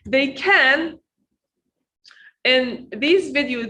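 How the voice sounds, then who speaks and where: A woman with a high, bright voice teaches pronunciation in an online lesson. She speaks slowly. She says each word again and again so learners can copy it. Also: lively intonation, slight background noise, low-quality recording. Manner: slow, repeats words to drill them.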